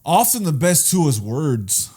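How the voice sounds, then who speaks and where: Joking young man, bouncy pitch. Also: a little slow, breathy edge. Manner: joking, playful, slangy, lively delivery with swearing. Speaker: podcast co-host. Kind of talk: casual comedic chat.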